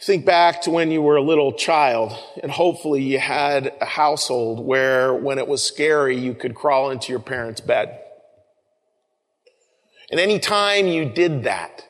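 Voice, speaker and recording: Male pastor, relaxed sermon, mid-pitched voice, long reverb of a big church. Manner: conversational, often repeats words, addresses listeners as folks. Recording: long reverb of a large room.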